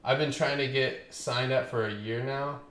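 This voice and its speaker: A man's voice: mid-range voice, fairly even intonation, moderate pace, fairly bright tone. A man hosting a stock trading livestream, chatting loosely with viewers, joking and swearing as he walks through charts. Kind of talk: casual market commentary. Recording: echoey room with faint ambient noise.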